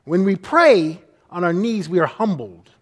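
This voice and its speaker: A man's voice: sits high, sing-song, a little slow, in a large hall. A man preaching a sermon as pastor, earnest, and often acting out the people he quotes.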